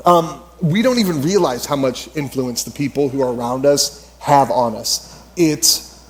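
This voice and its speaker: A man in his thirties, a pastor preaching a sermon in a conversational, animated way with quoted asides. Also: mid-range voice, a little slow.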